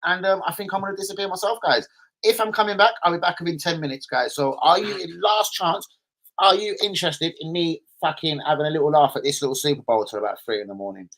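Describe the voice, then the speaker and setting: A young man, hosting a loose, sweary live stream and shouting out his viewers. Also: on the high side, quick pace, low-quality recording. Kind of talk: casual live stream chat.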